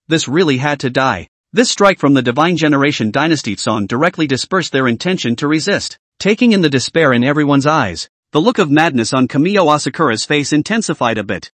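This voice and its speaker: A male narrator reads a martial fantasy audiobook in a steady, even way. His voice sits a little high, and the recording is dry and close with no room sound. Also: no echo.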